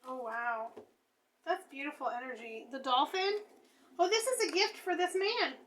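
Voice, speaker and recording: A woman doing a tarot reading, high-voiced and bright, swinging from hushed musing to excited exclaiming. She thinks aloud as she turns each card, with a sharp, ringing tone. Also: normal speed, a little hiss or hum. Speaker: tarot reader.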